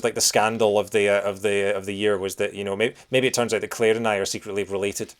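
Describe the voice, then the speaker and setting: A man's voice: on the low side, little pitch movement, moderate pace. A young Scottish man streaming a game, chatting in a rambling, jokey, self-deprecating way with his viewers. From Scotland. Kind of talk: casual let's-play chat.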